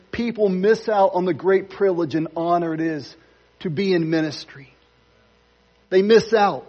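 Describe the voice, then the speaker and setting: Man preaching, high voice, husky tone, dull lo-fi sound, conversational sermon with jokes. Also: darkish tone. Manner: conversational preaching with playful asides. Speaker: pastor. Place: church sanctuary.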